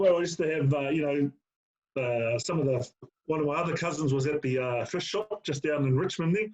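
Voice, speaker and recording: A man's voice: fairly high pitch, a little mellow. A middle-aged man, a former player as interview guest, telling stories in casual chat, full of fillers and calling the host mate. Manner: storytelling with lots of fillers, calls the host mate. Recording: lo-fi dull sound.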